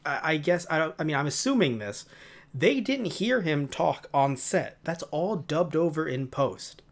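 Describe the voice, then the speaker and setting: Lively, rambling podcast co-host man. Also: fairly high pitch, unhurried. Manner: rambling with fillers, tangents and laughter. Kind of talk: casual chat.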